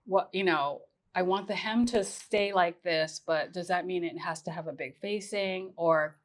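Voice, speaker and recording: A woman's voice: lowish voice, a little slow. A woman fashion designer talking through her process on a panel, thoughtful and practical, thinking aloud. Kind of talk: casual panel conversation.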